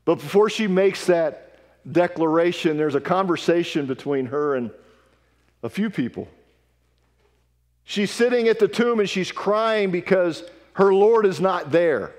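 A man's voice: sits high, animated, a little slow, darkish tone, big-room sound. A man preaching a sermon with earnest emphasis, reading scripture aloud. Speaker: pastor. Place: church sanctuary.

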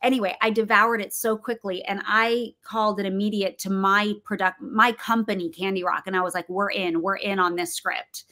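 A woman's voice: mid-range voice, steady tone, moderate pace, hardly any pauses, sharp tone. A middle-aged woman talking casually as an interview guest, chatty, with frequent fillers, restarts and laughs. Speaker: guest actress and producer.

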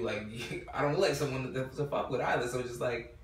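A man's voice: mid-range voice, a little fast. A man co-hosting a podcast, chatting casually in a loose, slangy way full of "like". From Brooklyn. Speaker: podcast co-host. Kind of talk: casual chat. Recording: roomy, distant mic, faint noise.

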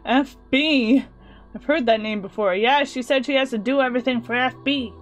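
A woman reading a visual novel aloud, narrating and reacting with animated asides. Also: high voice, moderate pace, soft background music. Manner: animated reactions and filler sounds. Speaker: let's play host.

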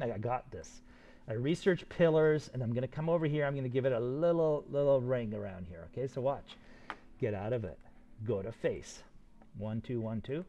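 An older man teaching a 3D modeling tutorial live, talking fast and excitedly while he demonstrates and encourages his students. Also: mid-range voice. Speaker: 3D modeling instructor.

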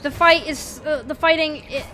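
A woman streamer giving goofy, playful commentary while she plays a video game, often shouting spell names. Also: high-pitched, fairly even intonation, moderate pace, soft background music. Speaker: gaming streamer. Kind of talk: casual gameplay commentary.

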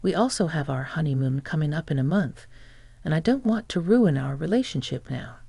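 A narrator reading a first-person family revenge story in an even, scripted way, taking every quoted part without changing voice. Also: mid-range voice, brisk, gravelly, breathy edge, no echo.

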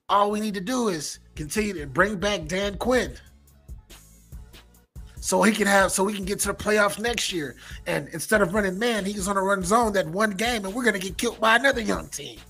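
A man's voice: sits high, pushed and bright, husky. A middle-aged man hosting a sports reaction channel, ranting emphatically, repeating himself and swearing. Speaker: sports commentary host.

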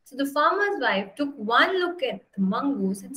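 A woman teacher from India tells a story in an English lesson, animated, with many "right?" checks to her pupils. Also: high voice, normal speed, rough recording. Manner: animated, asks "right?" again and again.

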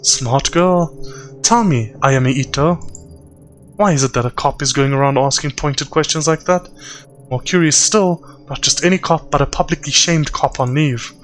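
A man's voice: on the high side, normal speed, faint music behind, lightly acted. A man putting on a cold Russian-accented crime boss woman. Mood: cool menace. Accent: put-on Russian accent. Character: cold female yakuza boss, composed and menacing.

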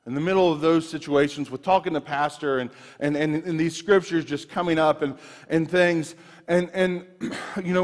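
A man preaching a sermon, telling personal stories in an animated way with frequent restarts, in a church sanctuary. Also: a little high. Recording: long reverb of a large room.

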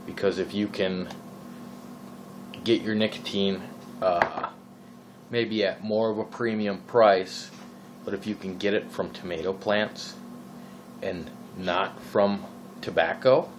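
A deep-voiced man from Minnesota, USA, rambles in a Minnesotan accent through a casual vaping vlog rant packed with fillers and exasperated questions. The sound quality is poor, with a little hiss or hum.

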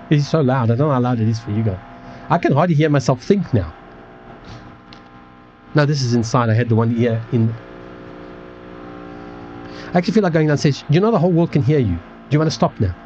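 A man's voice: medium pitch, warm tone, dull audio, a little hiss or hum. A man hosting a casual livestream from his apartment, rambling and swearing with many restarts. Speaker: livestream host. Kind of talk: casual ranting chat. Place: home apartment.

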